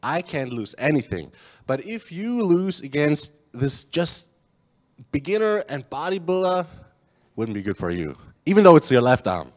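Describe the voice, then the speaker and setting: A man from Germany, an arm wrestler answering questions in halting English. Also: a little high, big pitch swings, long reverb tail. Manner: halting non-native English, hesitant restarts.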